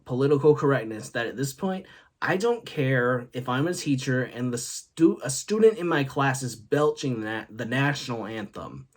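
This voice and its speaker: Man young male host, rambling jokey storyteller, animated up-and-down delivery, laughs at himself. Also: medium pitch. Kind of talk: casual solo talk video.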